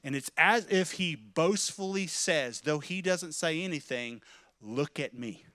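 High, bright-voiced preacher, dramatic retelling. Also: male voice, lively intonation, measured pace, clean tone, no room sound. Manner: vivid, swings from loud crowd shouts to hushed low narration. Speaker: pastor. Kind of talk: dramatic sermon storytelling.

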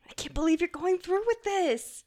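A woman's voice: very high-pitched, normal speed, a little mellow. A woman cold-reading the part of a wary young office worker in a stage play, in her own natural voice. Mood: dry.

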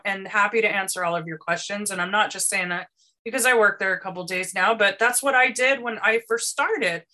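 A woman's voice: a little high, bright, forceful tone. A woman, a photographer chatting as an interview guest, bubbly and silly, laughing often. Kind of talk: casual interview chat.

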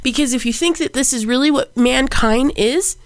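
A woman co-hosting a podcast in casual chat, her voice pitched on the higher side. She vents with heavy feeling and curses freely. The sound is close and dry, with no room echo. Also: normal speed. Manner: upset, venting, swears freely. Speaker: podcast co-host.

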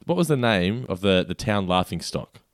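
A low-voiced man co-hosts a podcast, chatting loosely and animatedly over a trivia quiz at a moderate pace. He's laid-back but hesitant, restarting his sentences and laughing often. The studio sound is clean, with no room sound.

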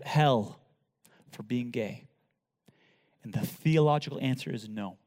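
A man preaching a sermon as pastor, swinging from loud emphatic lines to hushed near-whispers. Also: mid-range voice, big-room sound.

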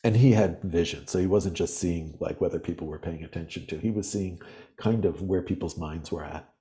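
A man talking as a podcast guest, explaining ideas in earnest, animated storytelling. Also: low voice, brisk. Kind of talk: reflective interview talk.

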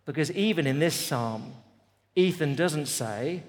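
A man's voice: fairly high pitch, lively intonation, takes it slowly, in a large hall. A man preaching a sermon at a festival, with an emphatic, repetitive cadence. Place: festival venue.

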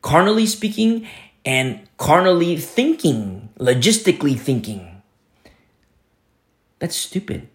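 A man preaching a sermon, acting out quoted speakers with sudden swings between loud, high calls and low, hushed asides. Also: sing-song, slow pace, long pauses. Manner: dramatic, voicing quoted speakers with big swings in pitch and loudness. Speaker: pastor.

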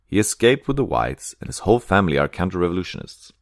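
A harsh, commanding revolutionary prosecutor, read by a man in a storybook reading, blunt and scornful. The voice sits very low and the sound is dry and close. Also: a little fast, no room sound.

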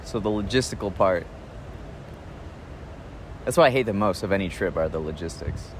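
A man talking in a casual spoken travel diary, relaxed and reflective, rambling with restarts and soft chuckles. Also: deep voice, moderate pace, noisy background. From United States. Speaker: podcast host.

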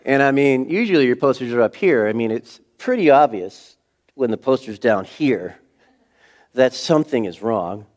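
This sermon comes from a middle-aged pastor speaking at a normal speed in a medium pitch with lively intonation. His conversational preaching is full of rhetorical questions, moving between loud emphasis and quieter, hushed stretches.

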